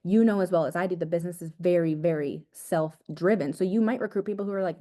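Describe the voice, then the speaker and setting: A young woman talks fast to her sales team, her voice low-pitched and mellow. She coaches with casual energy, repeating key lines and saying "dude" and "guys". It sounds like a video call. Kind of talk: motivational team talk.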